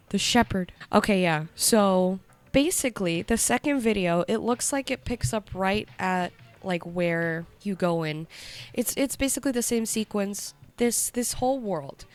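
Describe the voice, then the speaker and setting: A sick young woman with the sniffles giving casual reaction commentary, jumpy and excitable, swearing, yelping and whispering when scared. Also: mid-range voice. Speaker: YouTuber reacting to a horror series.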